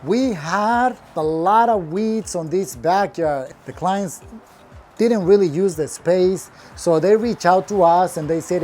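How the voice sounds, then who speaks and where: Outdoors, a man who works in landscaping shows off a completed patio in a relaxed, cheerful tour, plain-spoken and proud. He has a high, darkish voice and a slow pace, with a little hiss or hum on the recording.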